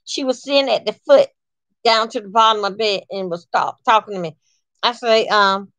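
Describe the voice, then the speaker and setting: A woman telling a personal story in a casual, colloquial way, emphatic and animated, acting out what people said. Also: medium pitch, moderate pace, no echo. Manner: animated and emphatic, colloquial, acts out quoted lines.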